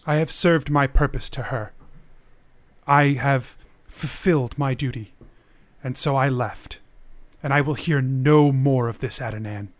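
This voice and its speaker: A man voicing a stern mother who speaks in a flat, firm way. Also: medium pitch, a little slow, long pauses, natural voice. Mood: cold. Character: stern woman, a mother who left her husband, cold and resolute.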